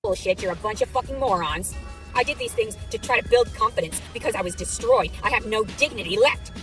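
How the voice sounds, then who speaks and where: A woman's voice: mid-range voice, big pitch swings, a little fast, faint music behind. A woman in a filmed clip ranting angrily with constant swearing. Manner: ranting, furious, heavily profane. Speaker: vlogger in clips. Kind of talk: angry monologue to camera.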